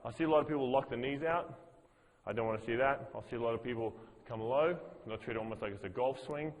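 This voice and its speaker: A man's voice: mid-range voice, fast talker, long reverb tail, low-quality recording. A man teaching a fitness class, counting reps aloud and explaining the moves as he demonstrates them. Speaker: fitness instructor. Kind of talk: gym class instruction.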